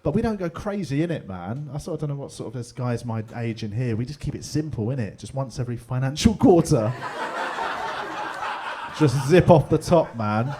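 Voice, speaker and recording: Amid background noise in a pub comedy room with a live audience, a middle-aged English stand-up with a London accent tells a story at moderate pace. His medium-pitched voice has lively intonation, and his chatty, laddish delivery mixes free swearing with laughing along at himself.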